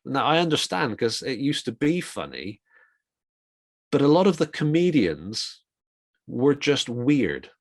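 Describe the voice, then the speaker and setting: A middle-aged man giving an informal, reflective talk on communication for ministry, with quick asides. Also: mid-range voice, big pitch swings, no echo, studio quality. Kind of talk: conversational talk.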